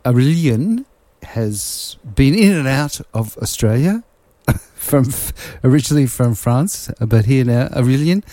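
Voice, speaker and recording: A man's voice: medium pitch, expressive, a little slow, few pauses, warm tone, dry recording. A man hosting a casual radio interview, chatty and friendly as he prompts his guest with questions. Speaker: radio host. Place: radio studio. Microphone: close studio microphone.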